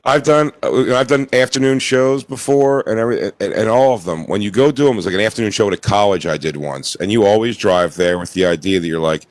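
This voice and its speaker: Laid-back man with a low voice. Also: fast, few pauses, dry recording. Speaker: comedian co-host. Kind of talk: casual comedy chat.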